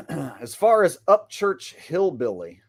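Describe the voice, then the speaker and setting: A male streamer chatting casually to his viewers in a loose, rambling way. He speaks slowly and keeps stopping to hesitate. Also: a little high, sing-song, gravelly. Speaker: channel host. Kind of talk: casual livestream commentary.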